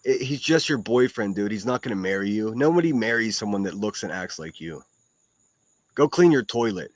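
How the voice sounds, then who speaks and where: A man's voice: fairly low pitch, animated, moderate pace. A man hosting a solo livestream podcast, ranting and hurling mocking, profane insults at critics. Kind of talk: ranting commentary reacting to clips.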